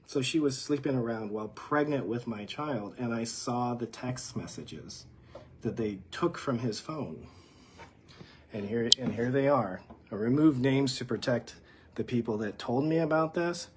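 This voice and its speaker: A man telling his side of a story about his ex-wife in a halting way, with fillers and restarts. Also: medium pitch, a bit bright, slight background noise. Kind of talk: recorded personal story.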